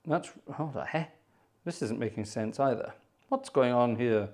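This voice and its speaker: Guy hosting a live organ stream, chatty, mutters to himself while fixing his setup, mid-pitched voice. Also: lively intonation, a little slow, darkish tone. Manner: chatty, narrating his own tech troubleshooting; exasperated muttering asides. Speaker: organ music livestream host. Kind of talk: casual live-stream chat.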